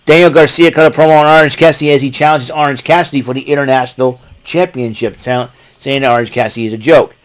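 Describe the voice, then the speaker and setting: A man's voice: mid-range voice, fairly even intonation, fast, hardly any pauses. A man casually recapping a wrestling show, rambling with fillers and often breaking into laughter. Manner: watching a ball game while talking.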